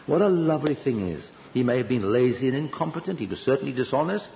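An older man preaching a sermon at a conference, telling a personal story earnestly, with sudden lifts of pitch for emphasis. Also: big pitch swings, brisk, gravelly, hardly any pauses, slight background noise. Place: conference hall. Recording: dull, slightly lo-fi hall recording with reverb.

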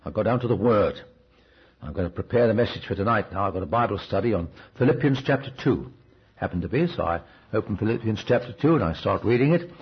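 A man's voice: on the low side, animated, fast, husky. A man preaching a sermon in a conversational, storytelling way, often asking the listeners questions. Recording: dull, restored cassette recording.

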